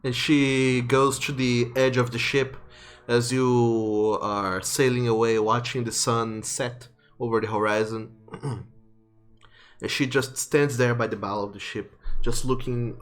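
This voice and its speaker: A man narrating as game master of a tabletop role-playing game, relaxed and full of fillers. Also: fairly low pitch.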